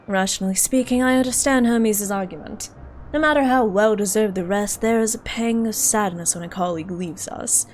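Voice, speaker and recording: A woman reading a calm, wry ancient male scholar from a game aloud, in an unhurried, measured way. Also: medium pitch, a little hiss or hum, natural voice. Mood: musing.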